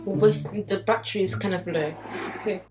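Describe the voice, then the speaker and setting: A woman's voice: mid-range voice, fairly even intonation, brisk. A young woman pranking her mother in a casual vlog, teasing and insistent, sometimes pleading. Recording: echoey room with background music.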